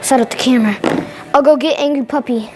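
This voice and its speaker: A woman hosting a playful pet vlog talks excitedly into a headset microphone, giggling and breaking into shrieks. Her voice sits high and she speaks fast.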